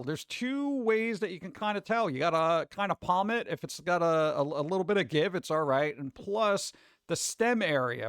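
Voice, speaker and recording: A man's voice: high-pitched, fairly bright tone, no echo, clean studio sound. A man hosting a livestream, rambling through casual chat and acting out other people's voices. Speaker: livestream host.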